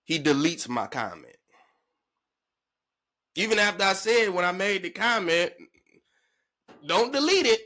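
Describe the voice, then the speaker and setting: A man ranting to camera in a sports vlog, emphatic and slangy, his pitch jumping up when he gets worked up. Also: big pitch swings, a little slow, pauses often, pushed and bright. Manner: emphatic, slangy, calling the listener "bruh" and "big dog". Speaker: sports vlogger.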